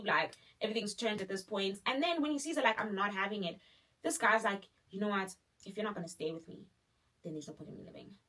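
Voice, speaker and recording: A young woman, telling a dramatic personal story in a casual, animated way full of fillers. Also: mid-range voice. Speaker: vlogger.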